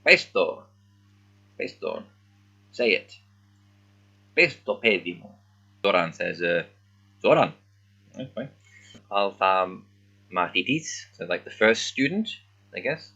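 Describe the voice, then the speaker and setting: A man reading a children's book aloud as a language learner, thinking aloud in a halting, puzzled way and stopping often to work out words. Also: sits low, very animated, sharp tone, husky, highs cut off. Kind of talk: casual thinking-aloud readalong.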